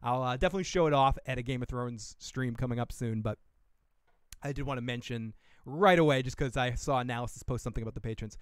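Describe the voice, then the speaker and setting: This podcast host, a mid-range, fast-talking man with a clean tone, reacts to a trailer during a casual livestream. He rambles, curses freely, laughs, and talks to himself. The recording is dry with clean studio sound.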